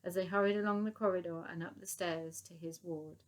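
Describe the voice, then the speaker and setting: A woman's voice: on the low side, brisk. Woman reading a children's book aloud. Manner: lively, expressive reading. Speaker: storybook reader.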